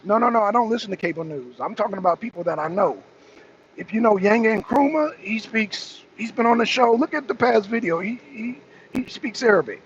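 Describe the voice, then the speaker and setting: High-voiced guy ranting back at the chat, keeps repeating himself, muffled lo-fi audio with a little hiss. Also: sing-song, moderate pace, creaky. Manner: argumentative, repetitive, mocking. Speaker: talk show co-host. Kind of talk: heated political talk, answering chat comments. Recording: dull lo-fi stream audio with faint noise.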